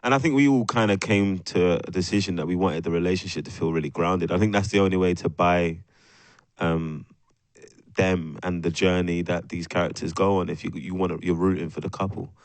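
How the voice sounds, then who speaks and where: A man's voice: sits low, steady tone, a little fast, no echo. A man with a London accent, reflecting casually as an interview guest, with fillers. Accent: London English. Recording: dry close recording.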